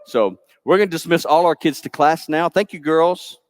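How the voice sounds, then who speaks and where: A man pastor, telling a Bible story to children in church with lively, playful asides. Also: a little high, normal speed, no room sound. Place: church sanctuary.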